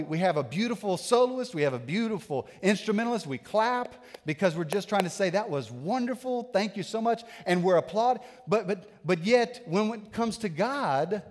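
Male pastor, 30s, high voice, animated sermon, church reverb. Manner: animated preaching, swinging from loud to hushed. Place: church sanctuary.

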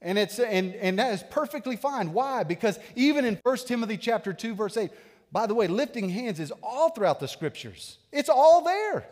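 A man in his thirties preaching a sermon as a pastor, animated, swinging between loud bursts and hushed asides. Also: extremely high pitch, moderate pace, big-room sound. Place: church sanctuary.

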